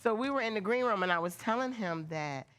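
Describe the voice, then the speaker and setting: A woman's voice: mid-range voice, animated, a little fast, a crowd in the background. A woman guest chef on a morning TV cooking segment, talking in a playful, sassy, joking way.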